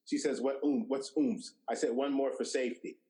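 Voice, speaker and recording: A man's voice: medium pitch, fairly quick, low-quality recording. A middle-aged man, a guest director, telling stories in an interview and acting out quoted dialogue. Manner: animated storyteller who acts out quoted dialogue. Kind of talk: anecdotal storytelling interview.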